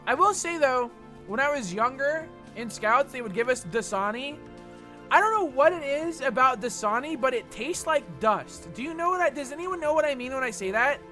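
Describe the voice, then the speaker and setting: A man's voice: extremely high pitch, animated, normal speed, sharp tone, faint music behind. A young man streaming a game, chatting casually and reading chat with a rambling, sweary manner full of fillers.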